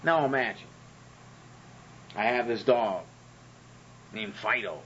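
A man's voice: mid-range voice, slow pace, fairly bright tone, a little hiss or hum. Man, host, sarcastic profane monologue, dull audio. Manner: sarcastic and profane, uses rhetorical questions. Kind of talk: comedic monologue on religion.

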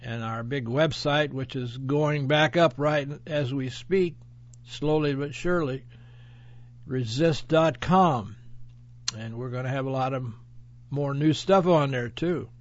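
A man's voice: medium pitch, slow. A man hosting a radio show in a rambling, folksy monologue, chuckling often and boasting. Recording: dull lo-fi audio.

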